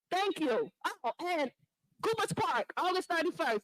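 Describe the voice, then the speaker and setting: A woman stands at a podium microphone in a village board meeting, her high voice carrying accusation and pleading. The sound is close and dry. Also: big pitch swings, normal speed, dry recording, low-quality recording. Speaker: resident speaking at public comment. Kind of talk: impassioned public comment.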